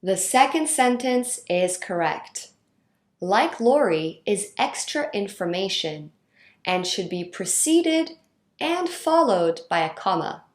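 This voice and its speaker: A woman reading out a grammar lesson in a clear, instructional way. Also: medium pitch, sing-song, echoey room. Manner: slow, clear instructional delivery. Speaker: teacher. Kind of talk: scripted lesson narration.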